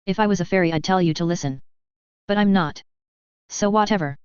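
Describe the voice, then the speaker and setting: A woman voicing a dry-humored young male survivor in a story reading, low and smooth, on dull lo-fi audio. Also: a little fast, no room sound, natural voice. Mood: flat. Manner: flat, wry, joking.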